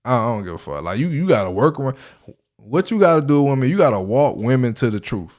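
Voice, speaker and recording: A man's voice: medium pitch, big pitch swings, fast talker, a little mellow. A man hosting a casual reaction video, talking in a loose, profane, slang-heavy way.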